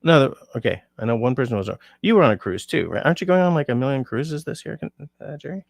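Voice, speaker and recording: A man's voice: medium pitch, expressive, fast, vocal fry, dry recording, studio quality. A tired man hosting a casual livestream, rambling and reading out comments from his chat. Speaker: livestream host.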